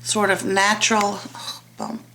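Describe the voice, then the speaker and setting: Reviewing lipsticks and nail polish from home, this woman vlogger wanders through her thoughts, cutting off and starting over while making fun of herself. Her medium-pitched voice is flat, measured, pushed, and bright, over slight background noise.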